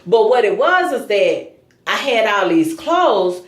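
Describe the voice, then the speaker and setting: A woman vlogger telling a true story to her viewers in a casual, animated, emphatic way. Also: medium pitch, slow pace, roomy sound.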